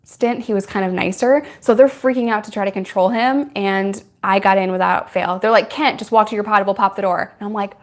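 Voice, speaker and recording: A woman's voice: medium pitch, fairly even intonation, fairly quick, few pauses. A young woman YouTuber answering viewer questions in a candid, chatty way, laughing often. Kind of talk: casual Q&A chat.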